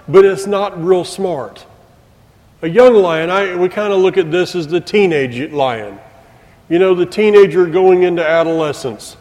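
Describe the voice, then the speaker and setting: A man's voice: fairly high pitch, darkish tone. A middle-aged man preaching a sermon as a teacher, with folksy joking asides to the congregation. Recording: long hall reverb.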